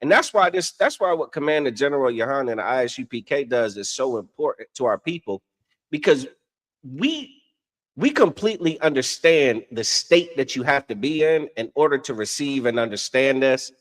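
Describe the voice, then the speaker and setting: A man's voice: medium pitch, very animated, moderate pace. A man co-hosting a casual religious discussion, teaching in a preachy way, often asking "you understand?" and laughing at his own stories. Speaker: podcast co-host and religious teacher.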